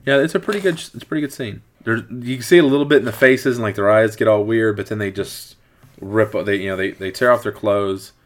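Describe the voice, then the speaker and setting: In a fairly quick voice on the low side, a middle-aged podcast host rambles about a favorite movie. Words get repeated as he figures out what he means, all in an easygoing review chat.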